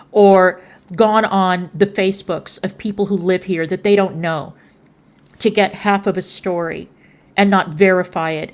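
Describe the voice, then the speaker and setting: Woman streamer going off on someone, scornful and cussing, mid-pitched voice. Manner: scolding, contemptuous, swears freely. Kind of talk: heated livestream commentary.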